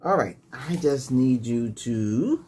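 A man in a whispered role-play as an emergency doctor, giving soft, patient, gentle instructions. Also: mid-range voice, expressive, slow pace. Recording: noisy hiss and clicks.

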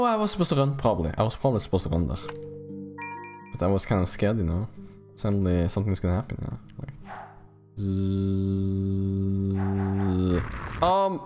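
A young man giving casual, jokey let's play commentary on a horror game, rambling and squealing up high when excited. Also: normal speed, pauses often. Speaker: gaming YouTuber. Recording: faint game music behind.

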